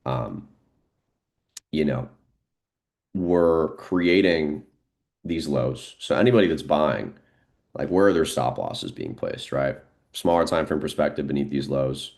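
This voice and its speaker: A man giving live, unscripted market commentary as a trading streamer, thinking aloud in a relaxed way with frequent fillers. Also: very deep voice, measured pace, gravelly.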